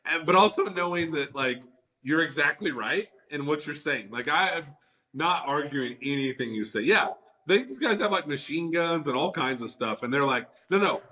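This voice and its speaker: A man's voice: fairly high pitch, normal speed. A man co-hosting a casual movie review chat, talking with enthusiasm and leaning on "like" as a filler. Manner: enthusiastic, animated, leans on "like". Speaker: podcast co-host.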